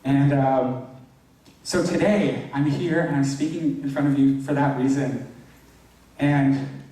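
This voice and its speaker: A man's voice: medium pitch, fairly even intonation, takes it slowly, warm tone. A young man, a youth pastor, giving an informal, earnest sermon, filling his talk with "like". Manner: casual, earnest, heavy use of "like". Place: church hall. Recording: very echoey hall, distant mic.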